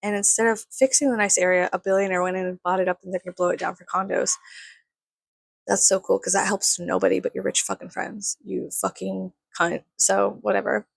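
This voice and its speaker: A woman's voice: mid-range voice, level tone, fairly quick, vocal fry, no echo. A woman, ranting in a heated, sweary, rambling way. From San Antonio, Texas. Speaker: vlogger. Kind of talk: profane casual rant.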